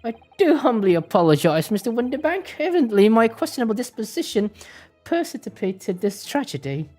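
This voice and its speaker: A woman's voice: fairly high pitch, very animated, brisk, dark tone. A woman voicing an eccentric Victorian male detective in a game, theatrical and pompous. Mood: apologetic.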